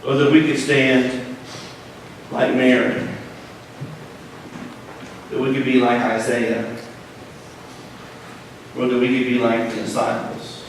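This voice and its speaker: A man preaching a sermon as pastor, with dramatic swings from loud to hushed. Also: mid-range voice, little pitch movement, takes it slowly, long pauses, a little hiss or hum. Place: church sanctuary. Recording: echoey church hall, mic at a distance.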